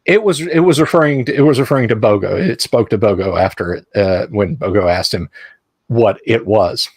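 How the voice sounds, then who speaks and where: A man narrating as game master, describing scenes in a halting way with frequent fillers. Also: fairly low pitch, a little mellow, slightly rough, no room sound.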